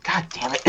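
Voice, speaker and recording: A man's voice: high-pitched, background noise. A man playing a tabletop role-playing game, speaking casually and stammering a little. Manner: hesitant, stammering. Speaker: player.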